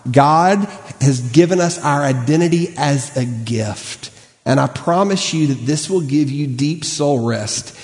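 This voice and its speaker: A man's voice: on the high side, darkish tone. A man preaching a sermon, reading scripture aloud and then explaining it earnestly, stressing key words and correcting himself as he goes. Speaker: pastor. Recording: long reverb of a church hall.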